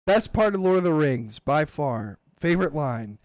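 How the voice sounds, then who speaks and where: A man hosting a casual podcast chat, animated and swearing, acting out movie lines as he goes. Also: on the high side, moderate pace, no echo, clean studio sound. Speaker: podcast host.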